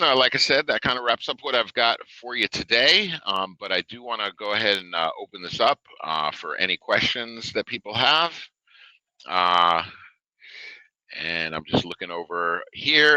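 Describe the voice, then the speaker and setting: A man presenting a software webinar in a loose, conversational way, with lots of fillers, reading questions off a live chat at his desk. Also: lowish voice, animated, moderate pace, no room sound, low-quality recording. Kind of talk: casual product webinar.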